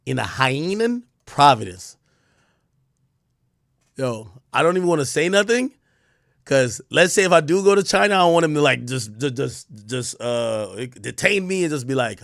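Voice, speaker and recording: Streamer, male, gravelly mid-pitched voice, dry close sound, animated storyteller. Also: moderate pace, no echo. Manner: animated storytelling, swears and laughs often. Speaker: livestreamer. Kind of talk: casual chat to stream viewers.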